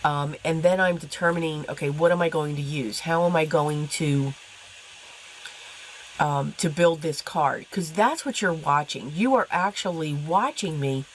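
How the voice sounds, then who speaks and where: Low-voiced stuffy crafter woman. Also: a little hiss or hum, rough recording. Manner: chatty, explains while working. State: stuffy nose from allergies. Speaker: card-making crafter. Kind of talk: casual crafting tutorial.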